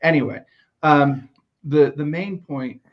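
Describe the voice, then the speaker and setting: An American man co-hosting a podcast, talking in a measured, wry way and steering the chat. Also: a little high. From United States. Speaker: podcast co-host. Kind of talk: casual chat. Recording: slightly dull lo-fi sound.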